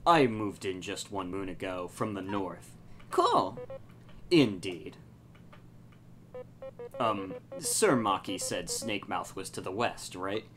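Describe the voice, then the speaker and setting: A woman voicing a polite, earnest male beetle warrior in a video game, courteous and measured. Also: very deep voice, expressive, fairly bright tone, faint music behind, full character voice.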